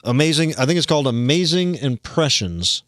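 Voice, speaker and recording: A man hosting a livestream comedy show, rambling and deadpan, contradicting himself as he goes. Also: a little high, moderate pace, noisy background.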